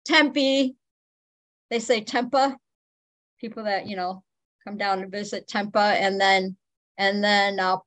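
A woman's voice: medium pitch, fairly bright tone. An older woman telling stories in a casual podcast chat, stretching some words as she goes.

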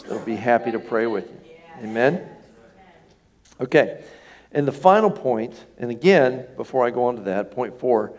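A man preaching a sermon to his congregation in a relaxed, conversational way, often checking in with questions. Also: mid-range voice. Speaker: pastor. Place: church sanctuary.

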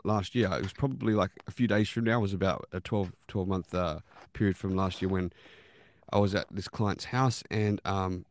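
A man's voice: sits low, dry recording, studio quality. A man hosting a casual podcast chat, rambling through stories and swearing freely. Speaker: podcast host.

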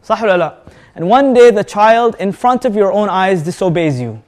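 A man giving a lively sermon to an audience, asking them questions and mixing Arabic words and recitation into his English. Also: high voice, quick pace. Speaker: Islamic preacher.

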